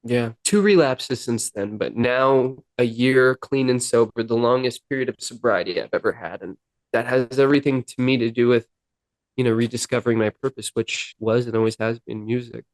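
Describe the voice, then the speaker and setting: A man's voice: medium pitch, moderate pace, no echo. Earnest man telling a recovery story. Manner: earnest, emotional retelling with quoted dialogue. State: near tears at times. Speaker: podcast guest, musician. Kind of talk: storytelling in a sit-down interview.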